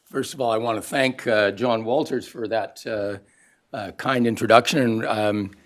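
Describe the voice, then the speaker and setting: A man's voice: lowish voice, steady tone, moderate pace. A man from Canada, older, heading a think tank and giving a formal launch speech to an audience, with dry wit and frequent "uh" fillers. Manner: dry wit, many uh fillers, quoted lines acted out. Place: event room with an audience.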